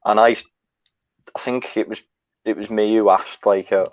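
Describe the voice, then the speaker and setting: A young man, a guest on a casual chat, tells a rambling travel anecdote full of swearing and laughs at his own story. His voice is fairly low and steady, at a moderate pace. The recording is dry, with a slightly dull mic.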